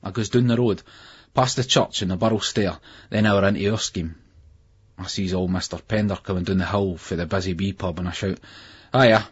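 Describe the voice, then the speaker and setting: A man reads a novel in the first person, gritty and raw. His voice is husky and low. The recording is muffled and lo-fi. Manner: gritty, raw delivery with heavy swearing. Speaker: audiobook narrator.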